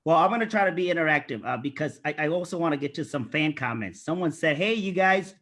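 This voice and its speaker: Playful male host on a video call, high husky voice. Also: expressive, a bit bright. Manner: playful, quick to mimic voices. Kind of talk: casual video call interview.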